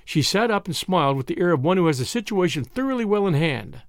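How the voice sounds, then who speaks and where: A man narrating an audiobook with expressive storytelling. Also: sits high, quick pace, no echo, studio quality. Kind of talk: scripted narration.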